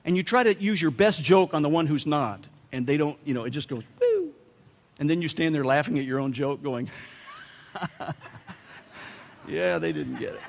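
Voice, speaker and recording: A man's voice: a little high, fast talker, hardly any pauses, in a large hall, slight background noise. A man with an American accent preaching a sermon as pastor, telling humorous stories and putting on playful voices for quotes. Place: church sanctuary.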